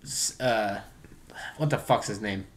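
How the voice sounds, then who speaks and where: A man's voice: lowish voice, takes it slowly. A young man co-hosting a podcast in casual comedy chat, rambling, joking and swearing. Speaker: podcast co-host.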